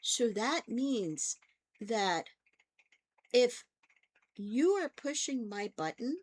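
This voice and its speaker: Talking casually to camera, an older vlog host who works as a therapist spins chatty stories and keeps asking her listeners "okay?". She speaks extremely slowly in a sing-song voice on the high side.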